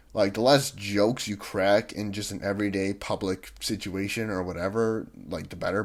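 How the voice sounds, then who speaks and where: Rambling young man ranting, lowish voice. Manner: rambling, many restarts and "like" fillers, irritated. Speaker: vlogger. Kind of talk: casual ranting monologue.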